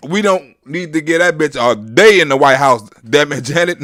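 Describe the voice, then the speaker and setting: Loud, mocking, high-voiced man. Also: animated, normal speed. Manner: loud, profane, mocking, laughs a lot. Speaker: host. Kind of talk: comedic reaction commentary.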